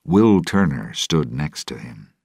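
Super deep voiced guy reading a storybook slowly, husky and lively, dry sound. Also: no room sound. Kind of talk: scripted storybook narration.

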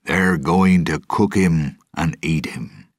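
A man voicing a grim older sailor who speaks quietly and seriously. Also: rumbling low, slow pace, no echo, studio quality, exaggerated voice. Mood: grave. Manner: quiet, grave.

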